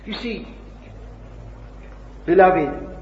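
A man preaching a sermon, impassioned, with rhetorical questions, swinging between loud and hushed. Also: high-pitched, animated, extremely slow. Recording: dull old recording in an echoey hall.

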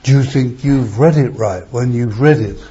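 A husky man preaching slowly and emphatically, pressing the listener with rhetorical questions. His tone is mellow and warm, and the sound is a dull lo-fi recording. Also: mid-range voice. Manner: emphatic, with rhetorical questions and sudden raised bursts. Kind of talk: expository sermon.

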